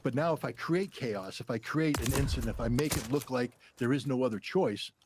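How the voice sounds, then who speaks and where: Guest, man in his sixties, mid-pitched, animated storyteller, noisy recording. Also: fairly quick. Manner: animated, acts out quoted dialogue. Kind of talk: storytelling interview. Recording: loud background noise.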